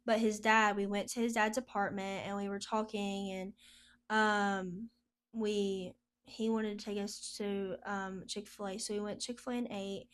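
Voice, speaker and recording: A woman's voice: mid-range voice, flat delivery, measured pace, clear, resonant tone. A woman sharing a personal testimony as a podcast guest, telling her story in a chatty, casual way and laughing often.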